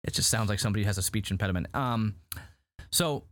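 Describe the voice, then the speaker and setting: A man hosting a casual chat, recapping a show in an animated, rambling way full of "like". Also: fairly low pitch, fast talker. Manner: animated, rambling, heavy use of "like". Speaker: podcast host recapping a show.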